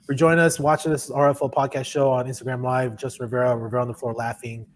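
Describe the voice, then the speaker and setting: A man's voice: medium pitch, flat delivery, quick pace. Laughing male podcast host. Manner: laughs often, reads out live viewer names. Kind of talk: casual podcast chat.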